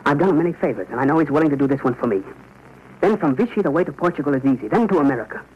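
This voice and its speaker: A man's voice: fairly high pitch, animated, very fast, breathy edge. A man playing an anguished father in a 1940s radio drama, talking in an earnest, strained and pleading way. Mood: urgent planning. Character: anguished middle-aged father under occupation. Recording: muffled old radio broadcast.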